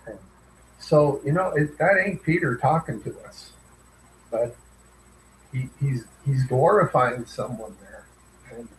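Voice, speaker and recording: A man thinking aloud in a group Bible discussion, halting and searching for words with many restarts. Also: mid-range voice, reverberant, a little hiss or hum, poor audio. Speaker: Bible study participant.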